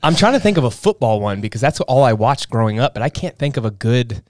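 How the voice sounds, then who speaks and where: Fast-talking man hosting a podcast. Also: mid-range voice, sing-song, no room sound, studio quality. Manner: storytelling, enthusiastic. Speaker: podcast host, coach. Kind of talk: casual podcast interview.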